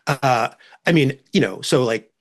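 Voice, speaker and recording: A man's voice: mid-range voice, animated, measured pace. A man from Canada, a guest writer talking from his home over a video call, rambling with many fillers and restarts.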